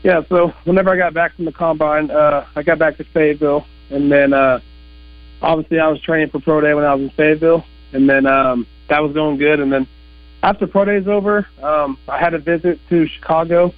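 Young football guy on the phone, bit of a higher voice, plain and halting, tinny line. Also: fairly even intonation, dry recording. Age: young adult. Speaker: football player guest. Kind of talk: phone interview.

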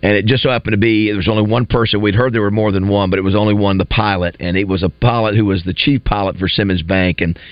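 Male morning radio host, casual and rambling, middle pitch, dull dry studio sound. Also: fairly even intonation, fast talker, few pauses, dry recording. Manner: rambling, restarts, lists names with rising emphasis.

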